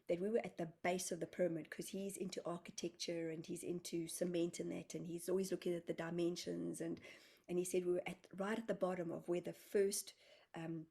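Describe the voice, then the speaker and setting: A woman's voice: lowish voice, vocal fry, mellow, breathy edge. A woman from South Africa, a guest healer, telling a story in a casual interview and acting out her own quoted words with energy. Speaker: guest healer and spiritual medium.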